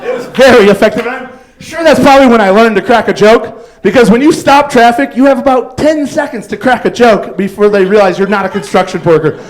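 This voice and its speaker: A man's voice: very high voice, brisk, hardly any pauses, poor audio. A man doing a stand-up set on a club stage, telling rambling stories full of fillers and acted-out quotes. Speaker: stand-up comedian.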